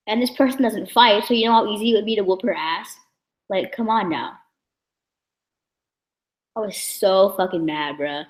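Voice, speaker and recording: A woman's voice: mid-range voice, moderate pace, long pauses, echoey room, low-quality recording. A young woman vlogging a casual story in a blunt, heated, profane way. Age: young adult.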